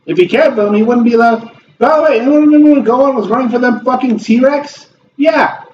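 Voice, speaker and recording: A man's voice: very high voice, a little fast, darkish tone, roomy sound, far from the mic, highs cut off. A man hosting a gaming video, ranting in heated, profane commentary while he plays. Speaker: gaming channel host.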